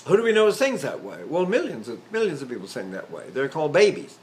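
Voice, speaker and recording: An older male voice teacher lectures on singing technique, his trained tenor pitched high among men. His speech swings widely in pitch as he explains, stopping now and then to demonstrate on sung syllables. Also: wildly swooping pitch, quick pace. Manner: demonstrates with sung syllables and vowels, talks with fillers and restarts.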